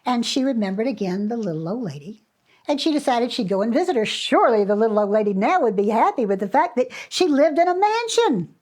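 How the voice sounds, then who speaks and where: A woman telling a children's fairy tale with lively, expressive delivery. She lingers on dramatic pauses and lifts her fairly high voice for the exciting parts. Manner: animated, expressive read-aloud with dramatic pauses. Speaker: children's storyteller. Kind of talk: storytelling for children.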